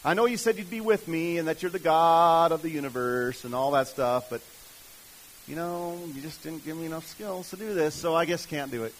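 A man's voice: on the high side, normal speed, a little hiss or hum, lightly acted, rough recording. A man putting on a whiny, reluctant man pleading. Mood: whiny excuses. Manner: whiny, pleading, self-doubting.

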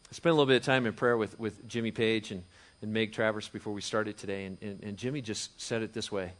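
A man preaching a sermon as pastor, conversational and animated, moving from hushed to loud and emphatic. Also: lowish voice, fast talker. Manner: conversational with frequent restarts and chuckles.

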